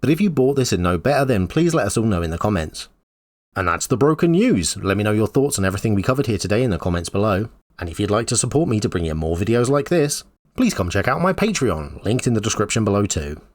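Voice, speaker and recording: Male host with a measured, conversational read on a recap, dry and close. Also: fairly low pitch, sing-song, a little mellow, no room sound. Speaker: YouTube host. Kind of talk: scripted news recap commentary.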